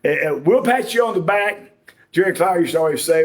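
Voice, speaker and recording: A man delivers a sermon in a folksy, conversational manner, slipping jokes and homespun stories into his points. His voice sits high for a man. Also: expressive, fairly quick. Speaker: preacher.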